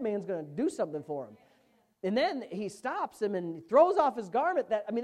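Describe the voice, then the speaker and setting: A woman preacher delivering a sermon with a lively, swooping pitch range. She drops to hushed asides, then climbs to fervent, emphatic exclamations. Her voice sits at an ordinary middle pitch. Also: normal speed.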